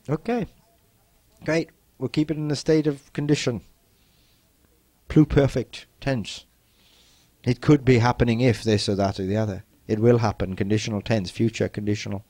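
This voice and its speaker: A man giving a self-help teaching talk, speaking slowly and repetitively, gently insistent and often dropping to a soft, quiet delivery. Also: mid-range voice, fairly even intonation, dry recording.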